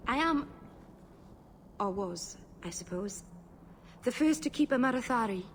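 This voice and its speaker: Shy, awkward Welsh elf. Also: female voice, on the high side, animated, unhurried, a little hiss or hum. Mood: earnest. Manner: awkward, trailing off. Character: shy rambling young elf mage woman. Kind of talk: video game dialogue.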